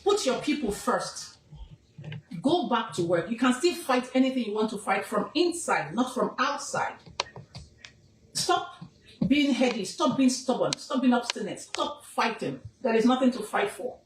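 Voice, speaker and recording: A woman's voice: a little high, animated, unhurried, roomy sound, recorded from a distance, a little hiss or hum, low-quality recording. A Nigerian woman from the southwest, a king's advisor, giving an emphatic, scolding statement and repeating phrases for weight. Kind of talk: emphatic personal statement to camera.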